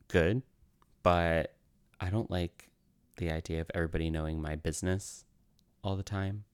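Guy hosting a spooky true crime podcast, low voice, smooth, dry close sound, chatty and goes off on tangents. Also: no echo. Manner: chatty, tangent-prone, self-amused. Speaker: podcast host. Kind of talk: casual podcast storytelling. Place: lives in New York City.

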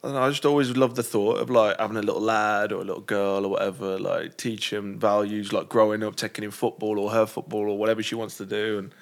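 A man's voice: lowish voice, little pitch movement, fast, gravelly, hardly any pauses. Laid-back young man chatting candidly. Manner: casual, chatty, peppered with "like". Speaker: podcast guest. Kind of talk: candid conversation.

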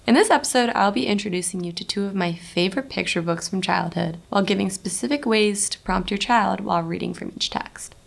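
A young woman hosting a podcast for parents in a recording studio, explaining read-aloud tips in an animated way. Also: mid-range voice, fairly quick, creaky, hardly any pauses. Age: young adult. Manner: animated, bursts into dramatic read-aloud voices. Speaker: podcast host. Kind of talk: instructive podcast talk for parents.

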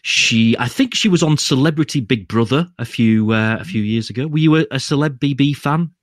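A man's voice: mid-range voice, a little fast, no echo, studio quality. A man hosting a podcast in casual chat, playful and giggly as he runs a quiz game. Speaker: podcast host.

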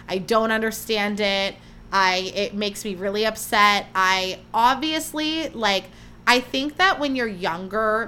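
A young woman hosting a podcast, chatting casually in an animated way with lots of fillers and restarts. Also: medium pitch, a little hiss or hum. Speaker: podcast host. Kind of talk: casual chat.

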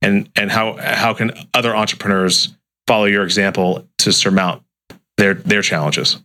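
A man's voice: on the low side, steady tone, moderate pace, bright, forceful tone. A man hosting a podcast interview, enthusiastic and casual, often repeating words. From United States. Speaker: podcast host.

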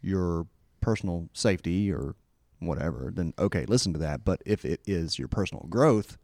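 A man in casual conversation who speaks calmly and offers soft, affirming responses. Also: deep voice, normal speed, no echo, clean studio sound. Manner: calm, affirming, many soft "mm-hmm"s.

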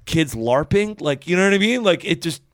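A man's voice: high voice, animated, fast, fairly bright tone, dry recording, studio quality. A young man telling a long story in casual chat, cursing freely and restarting his sentences. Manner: profane, rambling storytelling with restarts. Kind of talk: casual chat among friends.

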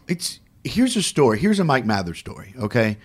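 A man's voice: medium pitch, normal speed, husky. A man co-hosting a casual podcast, telling a story and acting out the voices of the people in it. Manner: animated, acts out voices in his stories. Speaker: podcast co-host.

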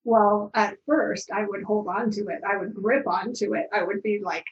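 A middle-aged woman talking slowly and calmly as an interview guest, reflective and searching, with many pauses. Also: mid-range voice, dull audio.

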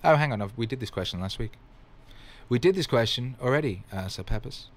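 A man's voice: mid-range voice, expressive, brisk. A man hosting a motivational livestream, talking emphatically with bursts of exclamation and swearing, and reading out viewer comments. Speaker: livestream host.

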